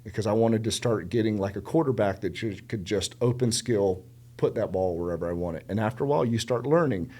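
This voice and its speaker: Guesting on a podcast, a middle-aged man from South Carolina speaks a little fast in a fairly low register. He spins casual, animated stories, stressing points by repeating words and voicing the people in his quotes.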